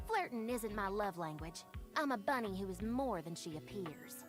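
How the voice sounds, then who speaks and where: A woman's voice: mid-range voice, sing-song, normal speed, close to an everyday voice. An actress voicing a sweet, flirty female dust bunny in a video game, with a Southern US accent and a folksy, genteel way of calling people honey. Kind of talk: video game character dialogue. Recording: game music behind.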